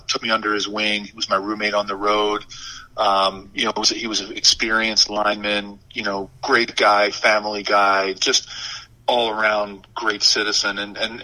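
A man in his fifties with a lowish, hard-edged, forceful voice, spinning lively stories from his playing days. He talks casually, with lots of "you know" fillers and restarts, warming to every anecdote. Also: poor audio. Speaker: former football tight end, guest. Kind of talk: casual interview storytelling.

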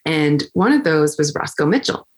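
A young woman flutist telling a story in a chatty, conversational way, full of fillers and restarts, getting animated when she quotes people. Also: deep voice, moderate pace. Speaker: flutist and interview guest.

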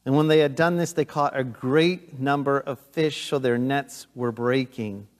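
A middle-aged man preaching a sermon as pastor, earnest and emphatic, swinging between loud urgency and hushed intensity. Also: mid-range voice, fairly even intonation, measured pace. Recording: long hall reverb.

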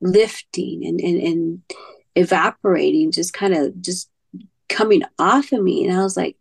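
A woman as a podcast guest, telling a personal story in a halting way, repeating words and sometimes dropping to a near-whisper. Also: on the low side, gravelly, breathy edge.

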